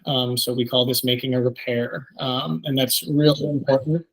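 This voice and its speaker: A man's voice: mid-range voice, little pitch movement, moderate pace, creaky, fairly bright tone, husky, poor audio. Therapist guy teaching a workshop, lots of ums, easygoing talk. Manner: many ums, conversational teaching. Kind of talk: training presentation.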